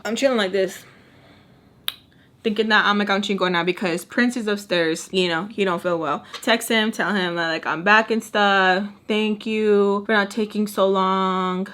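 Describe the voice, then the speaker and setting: A woman's voice: medium pitch, a bit bright. Sassy young woman telling a story. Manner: chatty, sassy, acts out quotes. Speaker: storytime vlogger. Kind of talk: casual storytime.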